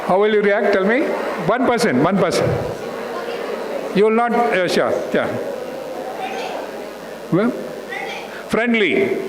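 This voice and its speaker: A man's voice: high voice, animated, takes it slowly, long pauses. A man giving an interactive talk to students, asking them questions again and again. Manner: asks the audience questions again and again. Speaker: guest speaker at a school talk. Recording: echoey hall with faint hum.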